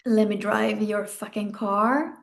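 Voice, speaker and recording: A woman's voice: mid-range voice, steady tone, slow pace, creaky. A woman voicing a bold inner self who bluntly swears and demands to take control. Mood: bossy.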